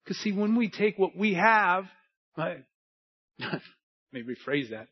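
Pastor, male, fairly high voice, emphatic repetitive preaching, dull lo-fi recording. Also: big pitch swings, takes it slowly, pauses often, breathy edge. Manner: emphatic, repetitive cadence, builds to shouting. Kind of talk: sermon. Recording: dull lo-fi sound.

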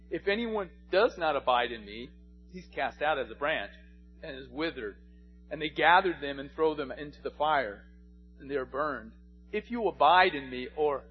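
A man's voice: mid-range voice, dull audio. A man, a pastor, preaching a sermon and telling stories, at times rising to passionate pleading. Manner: storytelling, rising to impassioned pleading.

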